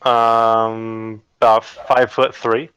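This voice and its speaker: A man runs a tabletop role-playing session as game master, his voice described as bright and forceful yet also on the low side, level and smooth. He talks casually and hesitantly, pausing often with fillers as he figures out the scene. The lo-fi recording is close and dry, with no room sound.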